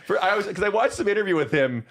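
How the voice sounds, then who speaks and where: Animated male guest with an expressive voice, casual. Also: sits high, fast talker, creaky, noisy background. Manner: animated, many fillers. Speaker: podcast guest, comedian. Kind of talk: casual chat.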